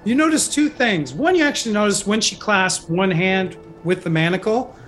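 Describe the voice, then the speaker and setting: A man's voice: high-pitched, animated, normal speed, a bit bright, soft background music. A man narrating as game master, rambling with many fillers.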